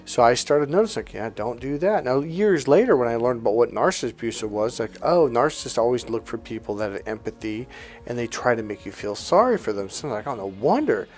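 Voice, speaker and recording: A man's voice: mid-range voice, lively intonation, fast. A man coaching on relationships in a loose, slangy monologue, acting out short exchanges between people. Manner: loose, slangy, acts out little dialogues in quotes. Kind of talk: casual monologue to camera.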